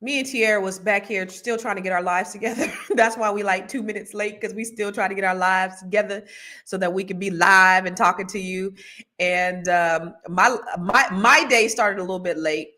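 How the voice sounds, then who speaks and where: A woman's voice: mid-range voice, fairly even intonation, normal speed, bright, forceful tone. A woman, hosting a casual livestream and chatting animatedly with her viewers. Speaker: livestream co-host.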